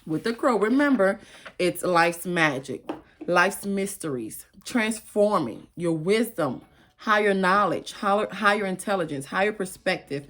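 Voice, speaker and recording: A woman's voice: medium pitch, expressive, a little slow, a bit bright. A woman, talking to her viewers in an earnest, emotional and rambling casual monologue. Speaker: spiritual vlogger.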